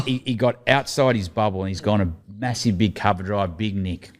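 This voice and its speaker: A middle-aged Australian man telling lively anecdotes as a podcast guest, laughing through his stories and acting out the lines of people he quotes. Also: on the low side, fairly quick. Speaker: guest, former cricketer. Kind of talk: casual storytelling chat.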